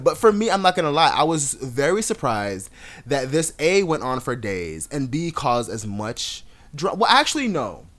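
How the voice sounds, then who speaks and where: A young adult man co-hosting a podcast, chatting casually with an animated, sassy storytelling style and frequent laughs. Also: mid-range voice. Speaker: podcast co-host. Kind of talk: casual chat.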